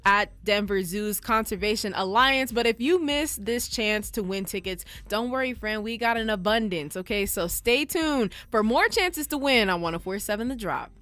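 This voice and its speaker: A woman's voice: medium pitch, animated, normal speed, few pauses, fairly bright tone. A woman radio DJ chatting on air in an effusive, emotional way, announcing a contest winner. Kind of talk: casual radio chat.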